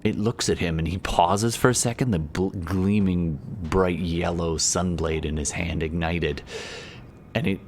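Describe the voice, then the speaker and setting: A man with a very deep voice narrates a tabletop game as its game master. He rambles and restarts often. A faint hiss sits under the recording. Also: steady tone, unhurried, a little mellow. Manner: meandering, many fillers and restarts.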